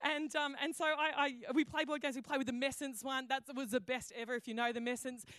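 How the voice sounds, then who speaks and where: A woman's voice: high voice, steady tone, fast talker, fairly bright tone, no room sound. A woman pastor preaching a sermon in a chatty storytelling way, with many restarts and fillers. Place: church auditorium.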